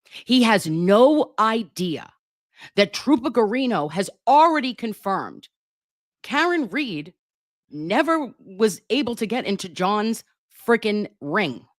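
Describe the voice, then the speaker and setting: A woman's voice: mid-range voice, very animated, takes it slowly, no room sound, clean studio sound. A woman hosting a casual trial recap, emphatic and profane as she talks. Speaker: commentary host.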